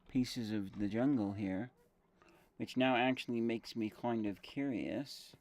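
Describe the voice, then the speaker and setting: A man's voice: lowish voice, unhurried, a little mellow, a little hiss or hum. A man casually commentating his game stream, thinking aloud with fillers and self-corrections while chewing gum.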